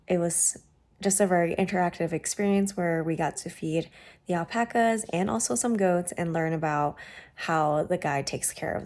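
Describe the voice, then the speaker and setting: A woman's voice: on the low side, a little mellow. Bubbly chatty woman vlogging. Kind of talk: casual vlog chat.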